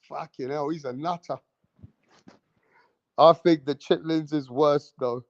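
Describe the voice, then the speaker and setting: A man, hosting a livestream and loudly teasing and daring his chat, swearing freely. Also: fairly high pitch, fairly even intonation, slow pace, no room sound, dull audio. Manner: loud, teasing, swears a lot, goads the chat. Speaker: livestream host.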